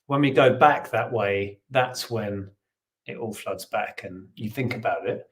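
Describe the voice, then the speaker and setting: A man from England co-hosting a relaxed conversation about reselling, chatty and opinionated. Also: on the low side, measured pace. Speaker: co-host. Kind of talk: casual chat.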